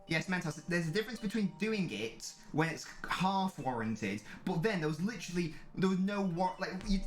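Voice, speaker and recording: A man, a streamer angrily commentating a live match and swearing a lot. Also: on the high side. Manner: angry ranting, heavy swearing. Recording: echoey room.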